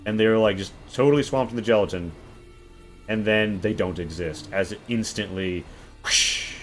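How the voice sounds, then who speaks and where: Low-voiced game master, crude, vivid narration, faint music behind. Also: male voice, normal speed.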